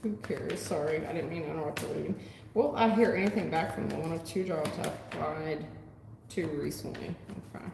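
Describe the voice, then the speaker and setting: A woman giving a live tarot reading, blunt and profane, talking back to her chat in an animated way. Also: sits low, brisk, creaky. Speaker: tarot reader. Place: home room. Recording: echoey room with long reverb, faint noise.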